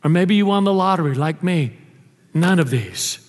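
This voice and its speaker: A male pastor preaching a sermon in a church, telling stories and dropping low and soft on tender lines. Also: lively intonation, moderate pace. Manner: storytelling, drops low and soft on intimate lines. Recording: long reverb of a church hall.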